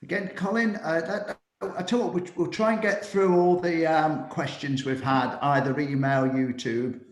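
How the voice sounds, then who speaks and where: A man hosting an interview and briskly moving the questions along. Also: fairly high pitch, steady tone. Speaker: host moderating questions. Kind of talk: casual chat. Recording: roomy, echoey sound.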